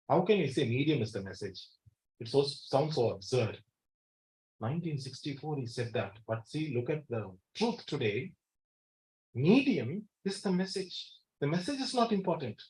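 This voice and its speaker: A man's voice: mid-range voice, darkish tone. A man giving an academic lecture in a college seminar hall, emphatic and repeating key words. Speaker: guest lecturer.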